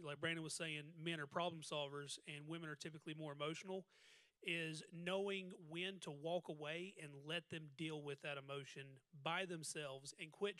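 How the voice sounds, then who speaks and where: Bright, clear-voiced man sharing earnestly. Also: fairly high pitch, no room sound. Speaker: class member. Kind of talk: sharing in a group discussion.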